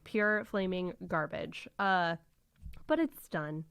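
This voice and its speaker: A woman's voice: on the low side, slow pace, gravelly, a bit bright, clean tone, dry recording, studio quality. A woman co-hosting a podcast in casual chat. She is upbeat and giggles between remarks. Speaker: podcast co-host.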